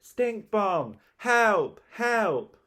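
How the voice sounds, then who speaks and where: A man's voice: medium pitch, moderate pace, natural voice. Man doing a sour sulky girl. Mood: shrieking. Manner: sulky, grudging.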